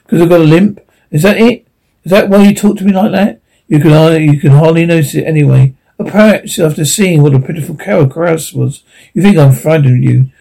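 A man's voice: on the high side, brisk, gravelly, mellow. A man voicing a contemptuous older male stag with a limp, speaking in a scornful, mocking way. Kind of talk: audiobook character reading.

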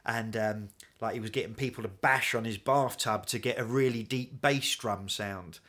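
A man, a guest in a casual chat, telling stories in an animated, chatty way and laughing often. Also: medium pitch, normal speed. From England.

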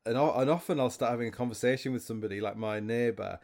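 A man's voice: medium pitch, racing, a little mellow. A man hosting a podcast, telling rambling, self-mocking stories in a casual monologue. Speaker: podcast host.

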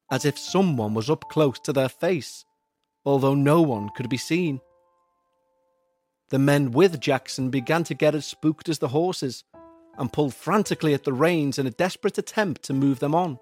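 A man tells a ghost story in a slightly high voice, with measured, suspenseful pacing. Quiet music plays softly beneath his narration. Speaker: podcast narrator. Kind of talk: scripted horror storytelling.

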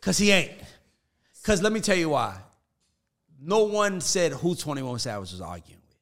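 A man's voice: on the high side, moderate pace. A man talking casually as a podcast guest, telling stories with energy, acting out the quotes and cursing freely. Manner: animated storyteller who acts out quotes, curses freely.

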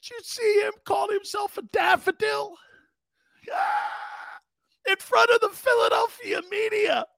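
A man putting on a sobbing, overwrought male football star who wails and shouts, away from the microphone. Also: very high voice, measured pace, vocal fry, no room sound, voice pushed up, full character voice. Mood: sobbing, wailing. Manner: tearful wailing, shouted.

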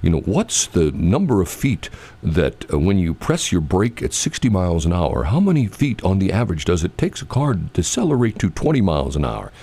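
A low, gravelly man in casual talk, his pitch swinging widely as he rambles. He leans on "you know" and "I mean" and acts out quoted voices in his stories. A faint hum sits behind him. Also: big pitch swings, brisk, mellow. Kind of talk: casual chat.

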